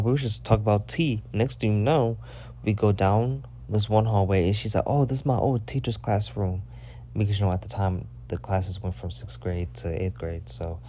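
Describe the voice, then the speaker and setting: A young man telling a casual storytime about school, chatty with lots of fillers and asides, animated and profane, getting loud when riled up. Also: on the low side, highs cut off. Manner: chatty with filler words and frequent "okay?" asides.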